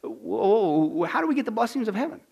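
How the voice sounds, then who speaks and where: A man's voice: very high-pitched, animated, racing, husky. A man preaching a sermon, reading passages aloud and answering them with rhetorical questions and sarcastic asides.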